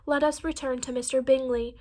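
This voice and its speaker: A woman reading the part of a dry, teasing older gentleman who gently mocks his family. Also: sits high, steady tone, brisk. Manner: wry, mildly mocking.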